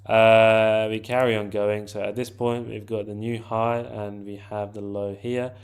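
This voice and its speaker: A man's voice: on the low side, little pitch movement, measured pace, clear, resonant tone. A man casually talking through a trading chart, chatty and informal, with frequent restarts. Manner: informal, chatty, often restarts and says "to be fair". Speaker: trader explaining a trade. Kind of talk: casual screen-share trading walkthrough.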